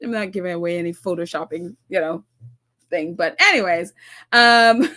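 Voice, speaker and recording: A woman's voice: lowish voice, moderate pace, pushed and bright. A woman hosting a casual commentary show, reading viewer comments aloud and laughing often as she talks. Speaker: commentary channel host.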